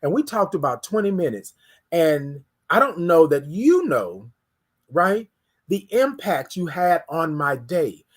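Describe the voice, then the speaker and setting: Male host, casual morning show, storyteller who acts out quotes, slightly higher voice. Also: very animated, a little slow. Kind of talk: casual morning livestream talk.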